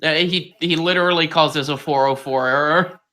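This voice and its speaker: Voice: mid-range voice, fairly even intonation, moderate pace, sharp tone. A playful co-streamer chatting casually and making jokes. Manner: playful, sings joke songs in funny voices.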